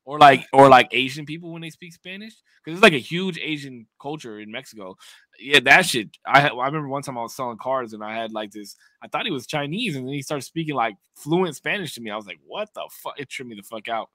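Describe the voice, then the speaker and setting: A man co-hosting a casual livestreamed podcast, talking in an excitable, emphatic, profane way. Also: mid-range voice, quick pace, no echo. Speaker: podcast co-host.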